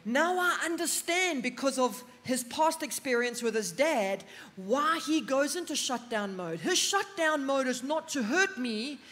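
A woman's voice: sits high, animated, measured pace, hardly any pauses, a bit bright. A middle-aged South African woman, a counselor, preaching a sermon in a conversational way with personal stories and joking asides. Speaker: pastor's wife and counselor.

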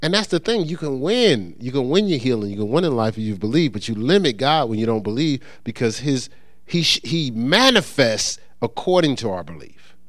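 A middle-aged man preaching an informal sermon, reading scripture and talking it through in a loose, conversational, animated way. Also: mid-range voice, normal speed, no echo, studio quality. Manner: conversational, animated, with many restarts and sports anecdotes.

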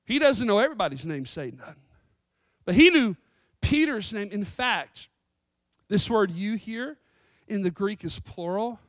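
A woman pastor preaching a sermon, earnest and emphatic, slowing down to stress lines of scripture. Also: mid-range voice, lively intonation, no room sound, studio quality. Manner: earnest, emphatic, with scripture readings and dramatic slowdowns.

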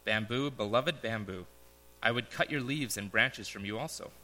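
A man voicing a gentle, grave male master of a garden in a read-aloud parable, speaking quietly and slowly. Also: mid-range voice, lightly acted. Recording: echoey large hall.

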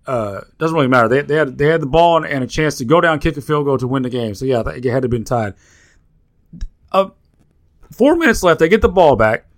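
On a casual sports betting podcast, a male co-host launches into a heated, profane rant, restarting his sentences again and again. He speaks briskly in a mid-range voice with lively intonation.

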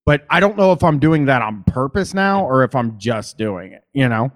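A man with a plain Midwestern accent hosts a call-in show. He talks loosely and rambles, swearing freely and filling gaps with ums. His pitch sits in the middle. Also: very animated, moderate pace. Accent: Midwestern American. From Columbus, Ohio. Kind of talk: casual call-in chat.

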